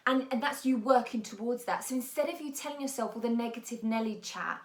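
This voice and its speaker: Woman, motivational coach, blunt and encouraging, slightly high voice, roomy echo. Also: fairly quick. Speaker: mindset and business coach. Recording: echoey room.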